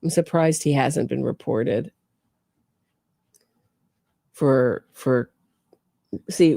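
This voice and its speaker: On her true crime podcast, a woman offers sarcastic, disbelieving commentary and shoots off sharp questions. Her low, dark voice has a gravelly creak, and the recording is close-miked and dry.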